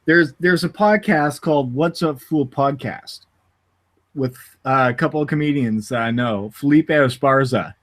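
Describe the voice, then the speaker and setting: A man hosting a podcast in loose, casual chat. His voice sits at an ordinary pitch, and he rambles through restarts and laughs often as he goes. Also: measured pace, fairly bright tone. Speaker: podcast host.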